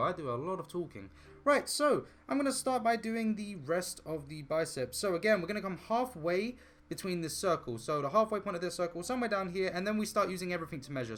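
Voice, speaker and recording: A man's voice: fairly high pitch, fairly bright tone. A man hosting a casual drawing tutorial, thinking aloud as he sketches and chatting with self-deprecating asides. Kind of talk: casual rambling drawing narration.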